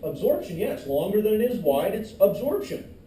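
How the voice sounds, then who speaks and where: A man's voice: high voice, very animated, moderate pace, warm tone, a little hiss or hum. A middle-aged male teacher giving a classroom lecture, quizzing the class and cracking jokes, recorded from far off in an echoey classroom. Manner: joking asides, quizzes the class.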